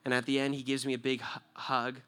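Bright-voiced man preaching a sermon. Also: medium pitch, flat delivery, brisk, clean tone. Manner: swings between loud emphatic preaching and hushed storytelling; talks to the listeners directly with frequent "right?".

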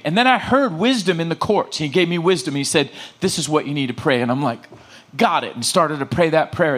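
A man preaching in church, his voice sitting a bit higher than most men's. He tells stories and acts out the dialogue, checking in with the congregation as he goes. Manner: animated storytelling, acting out dialogue. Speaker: pastor. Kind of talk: sermon.

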